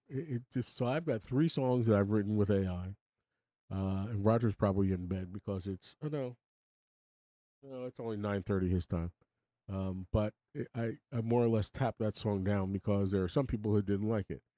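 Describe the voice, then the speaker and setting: A man's voice: lowish voice, moderate pace, warm tone, no room sound, studio quality. An older man hosting his own live stream, rambling and opinionated, chuckling as he talks to his chat. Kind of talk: casual live-stream monologue.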